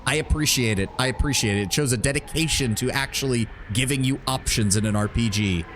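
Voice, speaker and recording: Guy chatting through a game stream, mid pitch, rambly, swears a lot. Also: a little fast, noisy background. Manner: casual, rambling, thinks aloud, swears freely. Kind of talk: live gameplay commentary.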